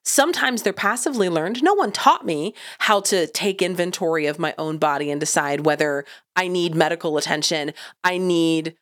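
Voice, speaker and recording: A woman's voice: on the low side, normal speed, hardly any pauses, fairly bright tone. A woman in her late thirties co-hosting a casual parenting podcast, explaining ideas with wry jokes. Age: late 30s. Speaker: podcast co-host.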